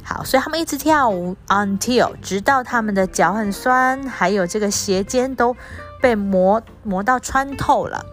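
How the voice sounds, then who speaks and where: A woman's voice: mid-range voice, normal speed, faint music behind. A woman reading a storybook aloud as an English lesson, spelling out words letter by letter and explaining them in two languages. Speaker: English teacher.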